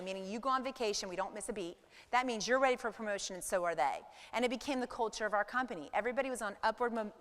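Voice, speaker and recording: A woman in her forties giving a motivational talk to a live audience, telling stories in an animated way and acting out her own thoughts. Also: on the high side, in a large hall. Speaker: business speaker.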